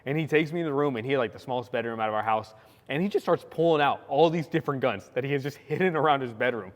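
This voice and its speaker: Young male pastor from California, animated sermon storyteller, mid-pitched voice, long hall reverb. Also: quick pace. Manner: animated storytelling with acted quotes. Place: church sanctuary.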